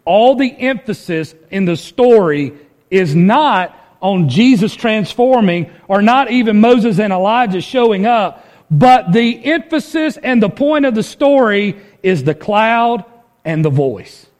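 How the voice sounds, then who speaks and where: Pastor, male, fairly high voice, preaches conversationally with lots of rhetorical questions. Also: animated, a little slow, darkish tone. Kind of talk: sermon.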